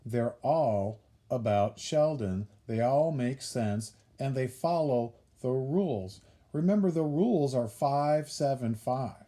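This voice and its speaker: A man's voice: mid-range voice, lively intonation, slow pace, hardly any pauses, dark tone. A man teaching a class, explaining step by step in a patient way and counting things out as he repeats the key points. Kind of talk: classroom instruction video.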